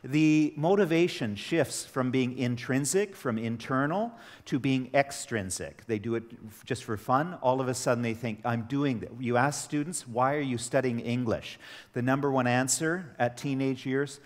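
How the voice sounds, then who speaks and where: A middle-aged man giving a workshop to teachers, telling stories with lively acted dialogue. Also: medium pitch, moderate pace. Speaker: teacher trainer. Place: training hall. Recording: echoey hall with long reverb.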